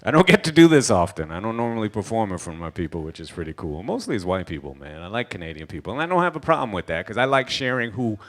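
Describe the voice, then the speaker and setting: A man's voice: on the low side, quick pace, few pauses. A man from Trinidad with a Trinidadian accent, performing a stand-up comedy set on a gala stage and acting out the characters in his stories. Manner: animated storyteller acting out characters. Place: stage at an indoor gala event.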